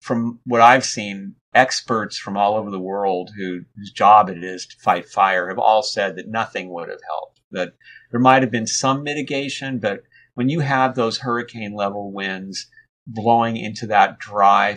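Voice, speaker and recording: Low-voiced male guest, rambling conversational storyteller, lots of restarts. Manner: relaxed, rambling, frequent restarts and fillers. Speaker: interview guest.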